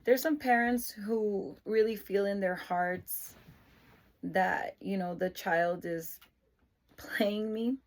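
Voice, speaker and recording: A woman's voice: medium pitch, slow pace. A middle-aged woman, a mother, explaining her parenting routine in an earnest, emotional, casual vlog way. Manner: emotional, earnest, lapses into excited praise voice. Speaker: mother of an autistic son.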